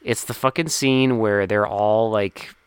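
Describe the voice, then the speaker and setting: A man's voice: on the low side, steady tone, a little slow, smooth, no echo, studio quality. A man co-hosting a casual movie-recap podcast, wry and profane, quoting characters and his own reactions. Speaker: podcast co-host.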